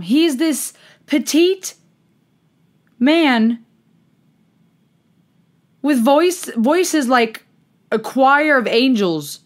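A woman's voice: high voice, lively intonation, very slow, pauses often. A woman hosting a music reaction video, exclaiming and laughing in disbelief in casual commentary. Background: faint music playing.

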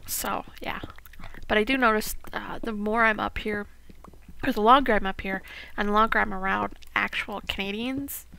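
A woman's voice: mid-range voice, steady tone, normal speed, gravelly, pushed and bright, clean tone, rough recording. A woman in her forties with a Midwestern American accent, chatting casually while she plays a game, rambling and dropping into half-whispered asides. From Iowa, United States. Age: 40s. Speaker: gaming video host. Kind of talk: casual gameplay chat.

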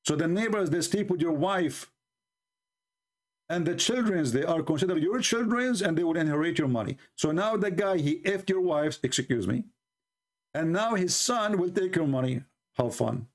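Taunting man with a slightly raised pitch. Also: expressive, normal speed. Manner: mocking, combative, taunting; chuckles at his own jokes. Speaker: debate show host. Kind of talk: live-stream religious polemic rant.

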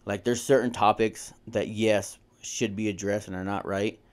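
Blunt, low-voiced podcast co-host. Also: male voice, fairly even intonation, normal speed. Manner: blunt, profane, laughs often. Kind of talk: casual podcast chat.

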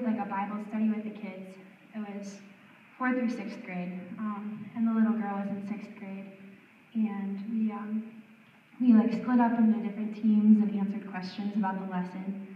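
Young woman, earnest testimony, fillers, even delivery, distant mic, echoing hall, dull sound. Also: mid-range voice, a little hiss or hum. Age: young adult. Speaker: student giving a testimony. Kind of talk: personal testimony at a campus gathering.

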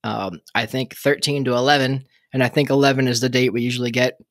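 A man's voice: medium pitch, fairly even intonation, fast talker, a bit bright, dry recording, studio quality. A man co-hosting a podcast in casual chat, rambling and joking with lots of fillers and laughs. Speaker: podcast co-host.

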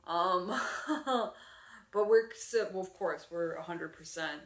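A woman vlogger casually retelling her day at home, rambling and animated with lots of fillers. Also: lowish voice, slow. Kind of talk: casual storytelling vlog. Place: her apartment. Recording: echoey room.

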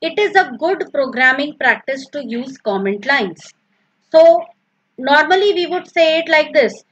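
A woman's voice: high voice, animated, unhurried, a bit bright, highs cut off. A woman teaching a recorded grammar lesson, patiently repeating each example and explaining step by step.

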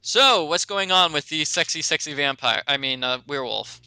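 A man's voice: fairly high pitch, moderate pace, pushed and bright, clear, resonant tone, no echo, rough recording. A man narrating as game master in a tabletop game, rambling with many ums and self-corrections.

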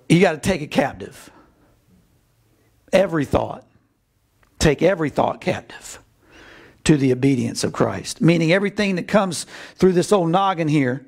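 Middle-aged guy pastor preaching, kinda high voice, gets loud and pumped up. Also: vocal fry. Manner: animated, bursts into excited shouts when acting out scripture. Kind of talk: sermon.

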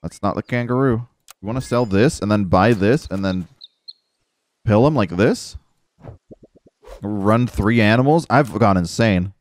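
A man streaming a game with casual commentary, talking to himself, mocking his own moves and swearing now and then. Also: lowish voice. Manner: self-mocking, talks to himself while playing; swears casually, says dude a lot. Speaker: gaming streamer.

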